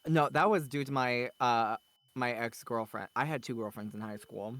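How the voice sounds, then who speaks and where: A man chatting casually as an interview guest, from the Southern United States, quick to slip into playful put-on voices when telling stories. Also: mid-range voice, a bit bright, no room sound. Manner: chatty, puts on exaggerated Southern voices when quoting people. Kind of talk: casual chat.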